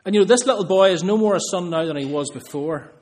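A man's voice: sits high, fast, darkish tone. A man preaching a sermon, earnest, building emphasis through repeated phrases.

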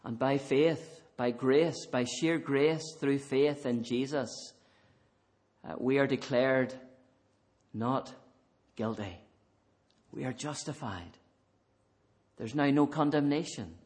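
A man preaching a sermon in a church, swinging between fervent emphasis and quiet intensity. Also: mid-range voice, slow pace, long pauses.

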